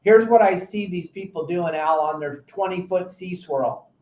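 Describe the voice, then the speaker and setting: A man hosting a fishing talk show, giving casual advice as an animated storyteller who acts out frantic quotes. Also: high voice, a little slow, roomy sound. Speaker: podcast host and fishing captain.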